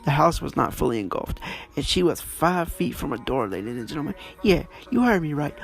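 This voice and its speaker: Blunt man with a gravelly voice. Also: sing-song, fairly quick, soft background music. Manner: blunt, swears freely, wide swings in pitch. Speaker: storytelling vlogger. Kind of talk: casual storytelling monologue.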